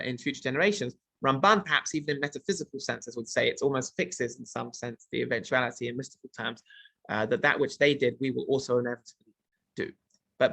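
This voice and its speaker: Bright-voiced man teaching a text class. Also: medium pitch, no room sound. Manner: translates Hebrew phrases as he goes, many restarts. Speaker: Torah teacher.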